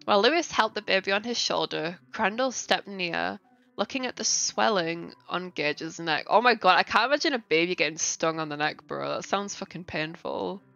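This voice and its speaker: A woman's voice: on the low side, lively intonation, normal speed, vocal fry, fairly bright tone, muffled recording, soft background music. A woman streamer reading a novel aloud on a casual live stream, breaking off for chatty, swearing asides. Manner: chatty asides, swears, laughs between passages.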